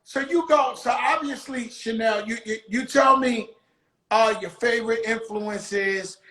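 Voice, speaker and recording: A man's voice: very high voice, a little slow, pushed and bright, roomy sound, rough recording. A man hosting a casual interview, brash and swearing freely, talking hype. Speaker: host.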